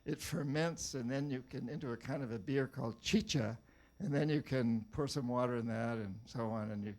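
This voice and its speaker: Older male author, from New Hampshire, middle pitch, wry anecdotal storyteller who stumbles and repeats words. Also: moderate pace. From New Hampshire, USA. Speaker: author giving a talk. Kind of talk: storytelling talk to a live audience.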